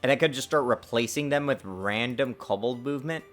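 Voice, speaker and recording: A man streaming his game development work, talking to himself in a lively, self-mocking way. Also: mid-range voice, fairly quick, soft background music. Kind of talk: casual livestream dev commentary.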